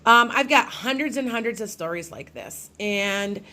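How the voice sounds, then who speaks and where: A woman's voice: mid-range voice, expressive, normal speed, sharp tone. A middle-aged woman, a psychic medium, telling a personal ghost story to her followers in a casual, rambling way with many restarts.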